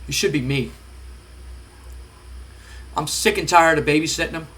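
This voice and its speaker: A man's voice: on the high side, normal speed, bright, forceful tone. A man voicing a cocky, defiant male pro wrestler who boasts and taunts in a heated rant. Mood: resentful.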